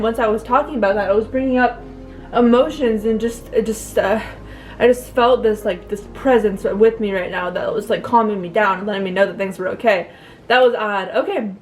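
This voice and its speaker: Young woman, vlogger, emotional, near tears, halting speech, fillers, slightly high voice, soft music behind. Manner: halting, many fillers and restarts, speaking to viewers. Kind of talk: emotional personal vlog.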